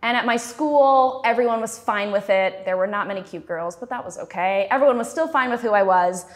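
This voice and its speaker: A woman's voice: mid-range voice, brisk. Woman, 20s, speaker at a festival talk; casual, self-deprecating, lots of ums. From Texas. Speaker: cartoonist guest speaker. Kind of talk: festival talk, personal storytelling.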